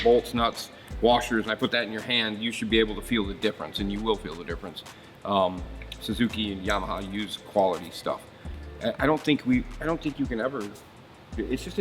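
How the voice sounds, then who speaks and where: A man's voice: fairly low pitch, fairly bright tone. A man hosting a marine service shop show, talking casually and bluntly about outboard motors, rambling through stories and swearing freely.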